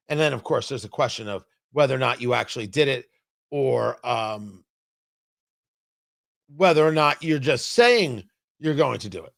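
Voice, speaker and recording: A man hosting a talk radio show, giving emphatic, animated commentary. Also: mid-range voice, moderate pace, gravelly, long pauses. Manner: animated, emphatic, mocking impressions. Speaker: radio host.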